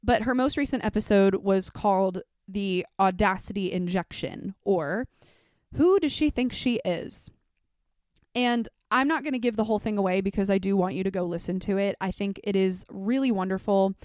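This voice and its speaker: A woman's voice: mid-range voice, normal speed, darkish tone, no room sound, clean studio sound. A young adult woman, a teacher, hosting her own podcast in a candid, reflective way, with frequent fillers. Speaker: podcast host. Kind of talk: casual solo podcast talk.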